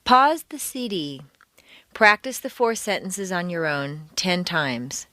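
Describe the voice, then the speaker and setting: A woman teaching pronunciation on a scripted audio course, speaking deliberately and exaggerating the stressed words. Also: on the low side, expressive, sharp tone.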